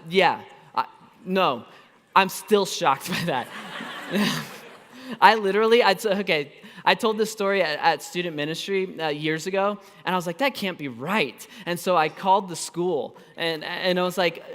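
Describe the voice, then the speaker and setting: A man in his thirties, a pastor telling a personal story in a sermon, animated and self-deprecating, with quick asides and restarts. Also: a little high. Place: church auditorium. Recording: long hall reverb.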